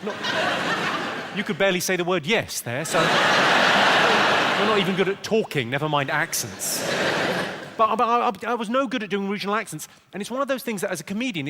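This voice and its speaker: A man doing stand-up comedy in a venue, delivering dry, quick one-liners and mock-polite apologies while working the crowd. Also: high-pitched, in a large hall, slight background noise. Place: comedy venue before a laughing audience. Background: loud crowd laughter.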